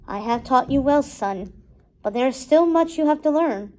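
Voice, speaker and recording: A stern old lion father who lectures in a firm, measured voice, read aloud by a woman. The voice is on the high side, as in a storybook reading. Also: animated, darkish tone.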